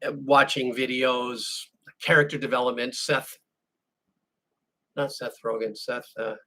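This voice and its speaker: A man's voice: medium pitch, steady tone, measured pace, sharp tone. A man hosting a music channel, chatting casually with viewers and telling a rambling story that he keeps restarting and correcting. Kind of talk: casual chat answering viewer questions.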